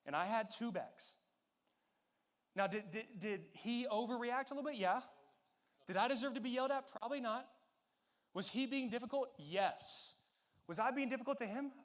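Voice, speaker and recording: A young man, a youth pastor, telling a story in a sermon in an animated, casual way with many fillers. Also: very high voice, normal speed, long pauses.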